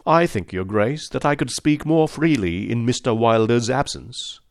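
A man's voice: mid-range voice, expressive, moderate pace, creaky, no echo. Man reading as a cool, unyielding male sleuth, precise and insistent, dry close sound. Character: cold, inexorable male detective.

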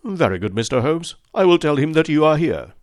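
Man reading as a jittery, evasive male secretary, pitched up, polite and dry. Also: big pitch swings, fairly quick, dry recording. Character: nervous furtive male secretary.

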